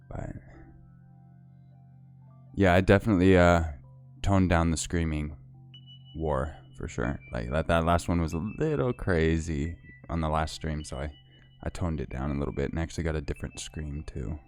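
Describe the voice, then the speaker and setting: A man hosting a livestream, chatting casually and reading out viewer comments and thanks in a relaxed, chatty way. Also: a bass voice, normal speed, creaky, pauses often, soft background music. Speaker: livestream host.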